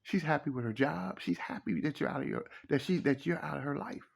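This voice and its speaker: A man's voice: fairly high pitch, animated, brisk, creaky, slightly rough. A middle-aged man, giving preachy, emphatic relationship advice in a casual monologue and repeating his phrases. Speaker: relationship commentator.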